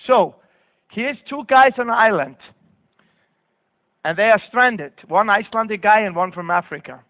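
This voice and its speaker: A man giving a motivational keynote talk at a conference, animated and repeating key phrases for emphasis. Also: high-pitched, moderate pace, long reverb tail. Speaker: keynote speaker. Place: conference hall. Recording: tinny lo-fi audience recording.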